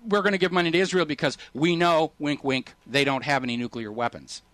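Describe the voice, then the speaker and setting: Male talk radio host, fairly high voice, dry close sound, sarcastic and indignant. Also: steady tone, brisk, fairly bright tone, dry recording. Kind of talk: political talk radio commentary.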